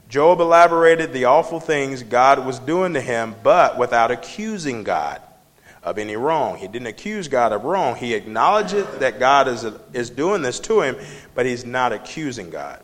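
A man leading a Bible study class, talking it through in an emphatic, conversational way and putting questions to the group. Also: medium pitch. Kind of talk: preaching Bible study lesson. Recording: long hall reverb.

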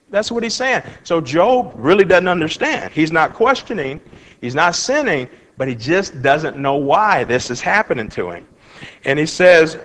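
A man's voice: fairly high pitch, unhurried, big-room sound, low-quality recording. A man teaching an informal Bible study, reading verses aloud and then explaining them in a plain, conversational way. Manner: animated, acts out Job's feelings in his own words.

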